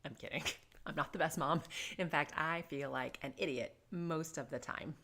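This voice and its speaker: A woman's voice: sits low, normal speed, vocal fry, a bit bright, slight background noise. A middle-aged woman giving casual parenting advice to camera, joking and self-deprecating as she tells stories. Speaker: parenting vlogger.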